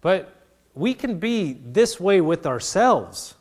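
Pastor guy preaching, kinda high voice, swings all over the place, plays out little back-and-forths. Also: takes it slowly. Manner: animated preaching, acts out voices of God and people. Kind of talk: sermon.

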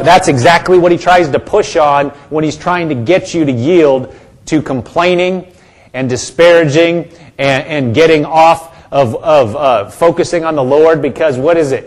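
A man delivers a sermon in a church with a slightly high voice. He presses his points through repetition and has the congregation answer back. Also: measured pace. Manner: emphatic and repetitive, calls for congregation responses. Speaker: pastor.

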